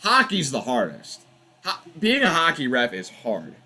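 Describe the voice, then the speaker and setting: Speaking unhurriedly at medium pitch, a young man hosting a football viewing party narrates the game casually. The referees draw his animated, exasperated ranting.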